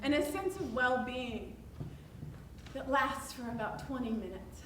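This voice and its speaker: A woman telling a personal story to a live audience, animated and self-deprecating. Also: high-pitched, unhurried. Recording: roomy, distant mic with background noise.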